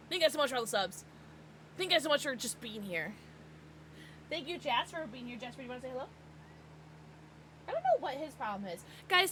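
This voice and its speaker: A fairly high, bright American woman's voice that jumps all over the place as she chats with her viewers. She is excitable and bubbly, and she gasps and laughs often in casual livestream talk. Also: a little hiss or hum. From United States.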